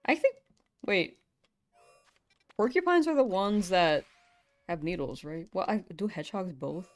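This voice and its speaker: A young American woman streaming a game and chatting loosely with her viewers, laughing often as she talks. Her voice sits a little low for a woman, and faint music plays underneath. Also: expressive, a little slow. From United States. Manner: giggly, chatty, often laughing between remarks. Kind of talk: casual live-stream chat with viewers.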